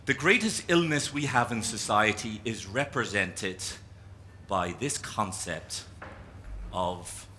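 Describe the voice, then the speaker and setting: Irish male keynote speaker, animated delivery with wide swings, bright ringing voice, faint room noise. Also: fairly low pitch, slow pace. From Ireland. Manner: animated storyteller, drawing as he speaks. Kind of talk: live talk to an audience. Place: conference room with an audience.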